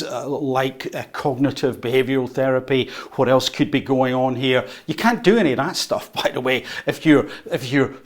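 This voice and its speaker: A man teaching a lesson at a whiteboard, unscripted, with fillers and repeats, often acting out the voices in people's heads. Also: mid-range voice. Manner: animated, acts out inner voices. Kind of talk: whiteboard lecture.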